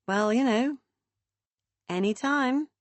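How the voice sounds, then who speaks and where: Picture a wry, down-to-earth young woman in her twenties, teasing and dry-humored, as a female narrator voices her. She is pitched a little above the narrator's usual voice and recorded close and dry. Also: animated, normal speed, no room sound, lightly acted.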